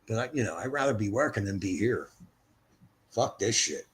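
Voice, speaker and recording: A man's voice: on the low side, expressive, moderate pace. An older man from Philadelphia hosting a livestream, chatting in a blunt, profane, rambling way. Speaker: livestream host. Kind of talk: rambling casual livestream chat. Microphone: streaming setup mic.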